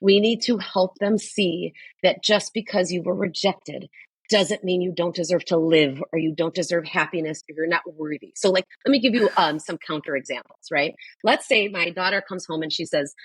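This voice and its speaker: A woman's voice: fairly low pitch, moderate pace, husky, no room sound, rough recording. A woman, a psychotherapist guest on a podcast, talking emphatically and often repeating her key points. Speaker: guest, social worker and psychotherapist. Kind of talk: podcast conversation.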